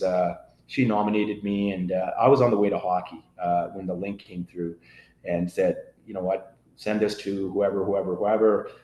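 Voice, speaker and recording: A man's voice: sits low, a little mellow. A middle-aged man telling a story as a podcast guest, rambling with many fillers and acting out what his family said. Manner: rambling, full of fillers, acts out quoted family voices. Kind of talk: casual storytelling. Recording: roomy echo.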